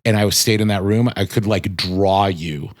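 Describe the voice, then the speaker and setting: A man's voice: low-pitched, moderate pace, no room sound, studio quality. A man in his forties telling a personal ghost story as a podcast guest, casually and with lots of filler words. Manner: rambling, full of "like" fillers.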